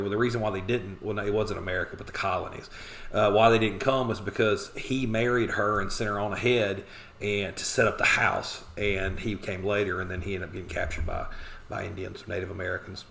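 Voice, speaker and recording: A man's voice: mid-range voice, fairly bright tone. A man teaching a class, casually retelling a novel's plot and briefly acting out the characters' lines. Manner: conversational, acts out quotes in quick voices.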